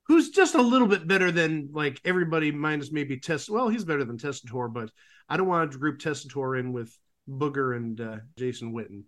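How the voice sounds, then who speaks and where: A man's voice: on the high side, lively intonation, a little fast, fairly bright tone. Opinionated male podcast co-host. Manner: opinionated, sarcastic asides. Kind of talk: casual podcast chat.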